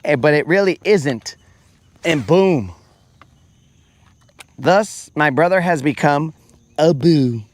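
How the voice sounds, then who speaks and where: Slangy animated man. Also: takes it slowly, long pauses, no echo. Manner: animated storyteller, slangy, acts out quotes in a higher voice. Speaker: fishing livestream host. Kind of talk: casual chat with viewers.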